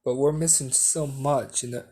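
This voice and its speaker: A man voicing a frustrated, impatient ninja mother in a fan story, speaking in a halting way. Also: medium pitch, steady tone, mellow, slightly rough, close to an everyday voice. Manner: halting, hesitant delivery.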